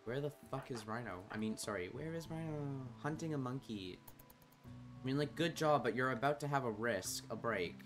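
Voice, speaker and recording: A man streaming a colony-building game, chatting and reading out game text, quickly exasperated with his colonists, swearing and then apologizing. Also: medium pitch, lively intonation, soft background music. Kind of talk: casual gameplay commentary.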